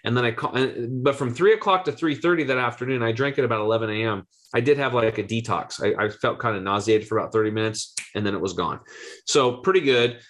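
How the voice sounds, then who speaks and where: Energetic man in his forties. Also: medium pitch, quick pace. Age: 40s. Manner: energetic, excitable, slangy. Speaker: guest health coach. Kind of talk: animated storytelling.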